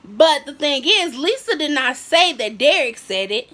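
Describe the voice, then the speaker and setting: On her vlog, a young woman with a high, bright voice tells a casual storytime at a slightly slow pace. She's animated and lively, keeping things personal while slipping into the voices of the people she quotes.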